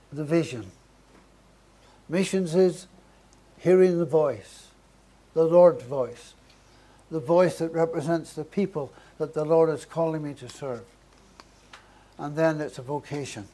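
A male preacher with a slightly higher than usual voice delivers a sermon. He speaks earnestly, stacking short repeated phrases to build emphasis. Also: takes it slowly, long pauses, dark tone.

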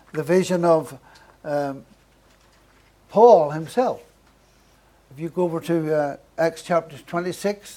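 A male preacher with a slightly higher than usual voice delivers a sermon. He speaks earnestly, stacking short repeated phrases to build emphasis. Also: darkish tone.

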